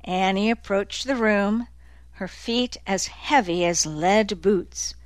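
A woman reading a novel aloud as an audiobook narrator, in an even, measured way. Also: mid-range voice, no echo. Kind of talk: scripted narration.

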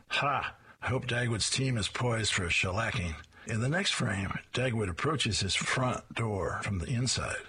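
A man's voice: lowish voice, bright, forceful tone, slightly rough. A middle-aged man reading newspaper comic strips aloud, describing each frame and lightly voicing the characters' lines.

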